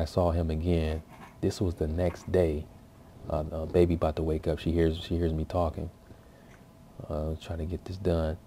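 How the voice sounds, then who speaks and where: A man's voice: low voice, mellow, slight background noise. A man giving casual, rambling commentary on his language practice, full of fillers and restarts. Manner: loose, rambling, filler-heavy with many restarts. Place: at home, with his baby nearby.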